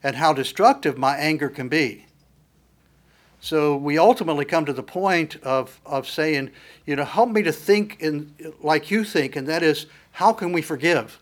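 A man's voice: on the high side, normal speed. A man preaching a sermon in an earnest, emphatic teaching manner, with frequent fillers and restarts.

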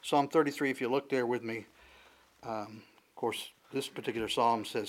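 A man preaching an expository sermon, talking through scripture in a conversational, halting way with many fillers and restarts. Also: mid-range voice, steady tone. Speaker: pastor.

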